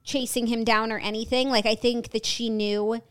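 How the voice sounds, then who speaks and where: A woman's voice: a little high, level tone, moderate pace, clear, resonant tone. A woman co-hosting a casual chat, talking loosely with lots of filler words. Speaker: co-host. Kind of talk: casual chat about reality TV.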